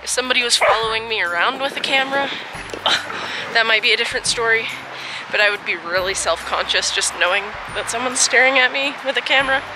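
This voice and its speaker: A vlogger walks her dogs at an outdoor dog park, chatting casually to a handheld camera and sounding a little out of breath. Her voice is on the high side and fast, with heavy background noise.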